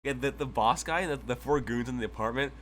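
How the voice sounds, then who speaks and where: A man's voice: medium pitch, fast, a bit bright, slight background noise. A man narrating as game master of a tabletop game, stammering and rambling as he retells what the characters say.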